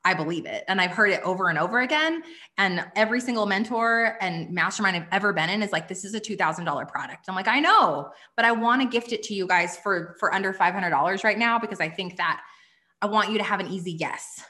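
A woman in her thirties running a live online workshop, pitching her courses with energetic enthusiasm and frequent "okay?" asides. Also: fast. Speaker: online business coach.

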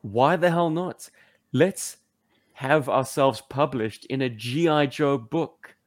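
A male podcast co-host chats casually and slowly, blending wry teasing with a sincere appeal to listeners, and laughs often. His ordinary-pitched voice sounds dry and close, with no room sound at all.

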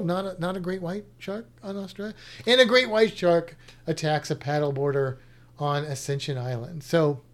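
A science educator chatting casually, thinking aloud with restarts and a skeptical tone. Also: medium pitch. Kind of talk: casual chat reacting to a show lineup.

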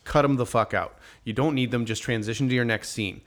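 A man's voice: mid-range voice, brisk. Blunt, opinionated man talking films. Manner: opinionated, blunt, swears freely. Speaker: podcast co-host. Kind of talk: casual film discussion.

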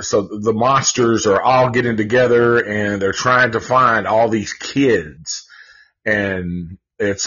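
Male host, casual live film review, slow and profane, husky, dull lo-fi sound. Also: medium pitch, a bit bright. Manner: rambling, profane, many fillers and restarts.

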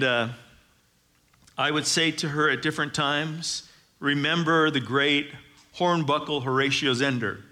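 Bright-voiced middle-aged male pastor preaching. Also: mid-range voice. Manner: conversational, joking asides, building to emphatic. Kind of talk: sermon.

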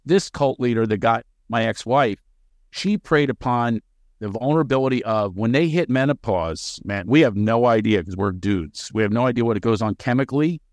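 A male comedian sitting in as a podcast guest, talking fast and with plenty of energy. He slides into quick impressions in the middle of his stories. The sound is dry and close, with no room echo. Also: mid-range voice. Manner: energetic, jumps into quick character voices. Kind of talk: animated podcast storytelling.

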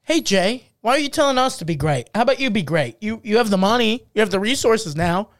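A man co-hosting a podcast, chatting casually in a jokey, animated way. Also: high-pitched, fairly quick. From England. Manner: jokey, animated, puts on voices. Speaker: podcast co-host.

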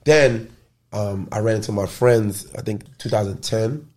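A man's voice: lowish voice, a little slow. A man from the Bronx, telling loose, slangy stories as an interview guest. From the Bronx, New York. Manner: loose, animated storytelling with slang and profanity. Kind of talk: casual storytelling interview.

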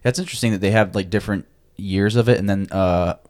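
A man co-hosting a casual podcast, easygoing in talk and measured when reading scripture aloud. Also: lowish voice, a little mellow. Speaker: podcast co-host.

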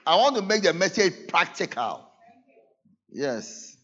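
A man preaching a sermon to his church, earnest, moving between loud emphasis and soft asides. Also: high voice, very animated, slow pace, slightly rough, lo-fi sound. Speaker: pastor. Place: church service.

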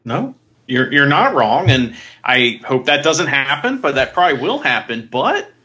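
A man's voice: mid-range voice, big pitch swings, unhurried, bright, forceful tone. A man co-hosting a casual wrestling podcast, asking questions and offering opinions. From Ohio. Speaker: podcast co-host.

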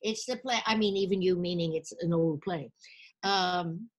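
Her pitch fairly low and her pace moderate, the older actress lively narrates her life story for an interview, impersonating the people she quotes.

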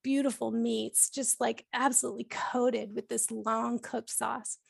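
A woman's voice: a little high, level tone, measured pace, vocal fry, breathy edge, dry recording, clean studio sound. A woman in her forties, from Canada, telling stories on a podcast in a chatty way with many fillers and frequent laughs. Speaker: podcast host being interviewed. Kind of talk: casual storytelling chat.

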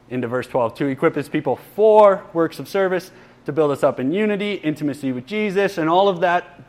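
A man in his thirties telling stories and teaching in a conversational sermon, with asides to the congregation. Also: fairly high pitch. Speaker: preacher.

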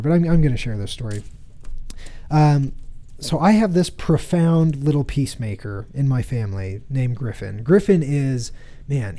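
A man's voice: mid-range voice, dark tone. A man in his thirties giving an earnest, conversational talk to an audience. He tells personal stories and repeats himself as he goes. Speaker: speaker addressing an audience.

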